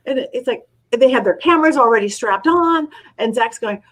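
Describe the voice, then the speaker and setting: A woman's voice: fairly high pitch, a little fast, hardly any pauses, rough recording. A middle-aged woman, a guest psychic medium, telling stories in a casual interview and acting out the voices of the people in them. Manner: animated storyteller, acts out quoted voices.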